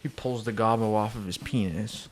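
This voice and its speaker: A man's voice: on the low side, normal speed. A young man improvising a crude comedy story on a podcast, rambling, swearing and laughing as he goes. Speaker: podcast co-host.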